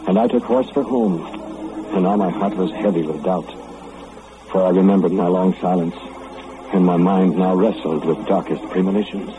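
A man as a deep-voiced, brooding young lawmaker; narrates slowly, thin vintage radio sound. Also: natural voice. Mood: wistful. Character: young male lawmaker, wistful, remorseful, lovesick. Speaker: narrator and lead character. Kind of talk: 1940s radio drama narration. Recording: phone-like old radio recording, faint hiss.

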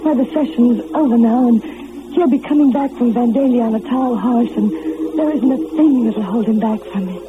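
A woman's voice: on the high side, moderate pace, lightly acted. An actress playing an earnest young woman who keeps hoping her absent sweetheart will write, in an old radio drama. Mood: hopeful. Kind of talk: 1940s radio acting. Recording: phone-like old radio recording with hiss.

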